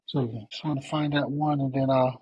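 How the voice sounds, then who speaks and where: A man's voice: mid-range voice, steady tone, fairly quick, darkish tone, breathy edge, highs cut off. A man co-hosting a podcast in a laid-back, casual way, often tacking "man" onto his sentences. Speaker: podcast co-host.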